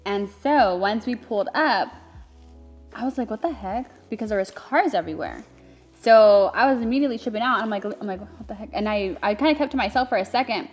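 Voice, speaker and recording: Young woman, casual storytelling, animated and laughing, faint music behind. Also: mid-range voice. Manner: animated, laughing often, quick to get emotional. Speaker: co-host recounting her engagement.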